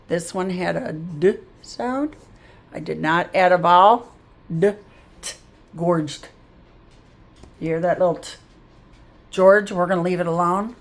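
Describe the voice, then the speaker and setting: A middle-aged woman tutors reading, slowly and patiently sounding out word endings one at a time. Her voice sits a little low for a woman, and she takes her time over every word. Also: vocal fry. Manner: slow, patient, sounding out words aloud. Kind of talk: phonics lesson to camera.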